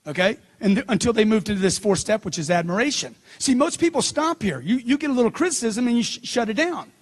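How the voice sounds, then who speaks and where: A man's voice: high voice, animated, quick pace, hardly any pauses. A middle-aged man speaking as a motivational speaker at a seminar, punchy and emphatic, repeating lines for effect. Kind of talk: seminar speech.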